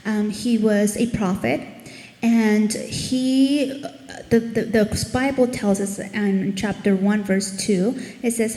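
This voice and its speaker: A woman giving an earnest devotional Bible teaching, growing animated as she reads scripture aloud. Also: mid-range voice, slow pace. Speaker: ministry speaker. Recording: echoey room with long reverb.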